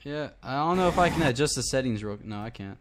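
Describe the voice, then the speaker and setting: A man's voice: medium pitch, lively intonation, quick pace, noisy background. A young man commentating a horror game, easily scared and yelping when startled. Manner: jumpy, yelps and shouts when scared. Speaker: gamer playing a horror game. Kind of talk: casual let's play commentary.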